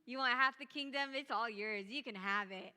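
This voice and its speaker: A loud, slangy, doting king who tosses out grand promises without a second thought, as a woman puts him on mid-sermon. The voice rings bright and high, with a long hall reverb trailing every line. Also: moderate pace, smooth. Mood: generous. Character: doting ancient king, brash and generous.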